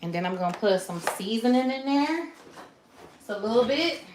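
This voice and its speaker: This livestream cooking host has a slightly high, expressive voice and a moderate pace as she talks viewers through each step from her home kitchen. Background noise, clattering dishes and pans, and roomy kitchen echo fill the recording.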